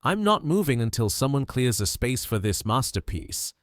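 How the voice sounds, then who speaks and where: A man's voice: medium pitch, sing-song, moderate pace, no echo, studio quality, lightly acted. A man reading a joking, proud young man. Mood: teasing. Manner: teasing, playful.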